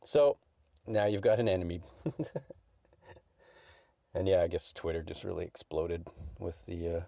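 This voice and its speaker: A man's voice: deep voice, unhurried, creaky, warm tone, no echo, clean studio sound. A man hosting a solo podcast, rambling and mumbling with a lot of swearing. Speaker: podcast host. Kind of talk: casual solo podcast chat.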